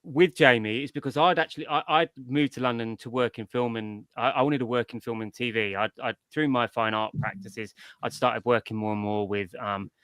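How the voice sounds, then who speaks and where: A man's voice: medium pitch, steady tone, a little fast, few pauses, a bit bright, clean tone, no echo. A middle-aged man, a comics writer, in a casual interview, telling his story in a rambling, digressive way.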